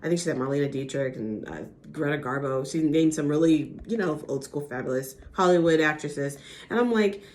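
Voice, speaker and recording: A young woman recapping a reality TV episode in casual gossip chat, animated and acting out the cast's lines. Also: low-pitched, normal speed. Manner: animated, acts out quotes with impressions.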